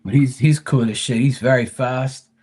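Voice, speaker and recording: A male live-stream host telling a casual anecdote at an ordinary pitch. He talks bluntly and swears freely. He rambles, restarts sentences and circles back as he goes. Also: fairly even intonation, moderate pace, darkish tone, slightly rough.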